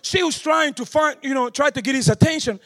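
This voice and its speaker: A man preaching a sermon, telling a family story in a low, quiet voice and then rising into shouted exhortation. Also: fairly quick.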